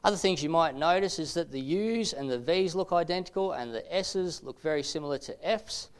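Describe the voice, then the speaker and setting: A man delivering a lecture-style teaching video, explaining step by step in a measured way with frequent filler sounds. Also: on the high side, clear, resonant tone.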